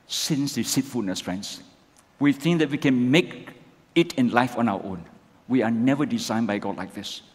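Guy pastor giving a sermon in church, lots of "isn't it?", long hall echo. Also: mid-range voice. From Malaysia. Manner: rhetorical questions with "isn't it". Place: church sanctuary.

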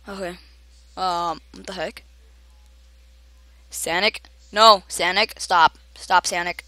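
A young woman giving excited gameplay commentary, often shouting at other players and laughing. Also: on the low side, slow, long pauses, no room sound. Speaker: gamer.

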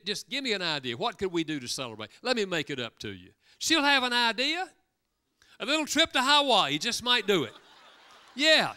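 This guest preacher's voice is a little high, bright and forceful, with a clear, resonant tone. Preaching in church, he tells stories, performs the quoted lines, and sometimes repeats words along the way.

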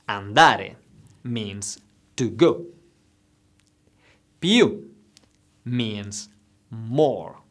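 Very slow-speaking male language teacher. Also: mid-range voice. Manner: says phrases slowly and clearly for repetition. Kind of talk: slow instructional phrase drills.

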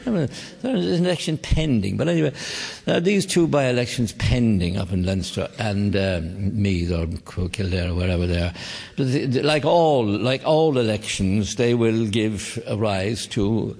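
A man's voice: fairly low pitch, moderate pace, gravelly, darkish tone. An older Irish man doing live stand-up comedy, telling wry rambling stories with dry asides. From Ireland. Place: theatre stage before a live audience. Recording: live theatre recording with long hall reverb.

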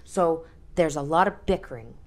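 A woman's voice: sits low, moderate pace. A middle-aged woman co-hosting a family podcast, telling stories in casual chat and laughing often. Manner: animated storytelling, laughs often. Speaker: podcast co-host.

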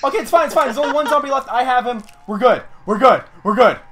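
High-voiced panicky male gamer. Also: quick pace, noisy background. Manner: panicky play-by-play, swearing. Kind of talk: gaming chat with friends.

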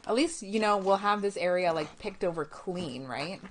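Young woman let's-player, chatty and self-mocking, casual swearing; lower voice, very animated pitch. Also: normal speed, slight background noise. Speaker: gaming streamer. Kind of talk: casual live let's-play commentary.

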